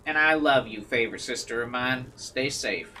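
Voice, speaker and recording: A man's voice: mid-range voice, normal speed, pushed and bright, slight background noise, natural voice. A man putting on a Southern US accent to voice a protective big brother writing a note. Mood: earnest. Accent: put-on Southern US.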